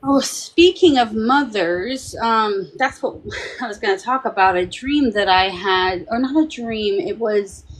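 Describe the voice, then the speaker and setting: Animated chatty woman telling a story. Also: medium pitch, breathy edge, poor audio. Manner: animated, chatty, acts out quoted voices. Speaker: paranormal panel participant. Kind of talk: casual storytelling.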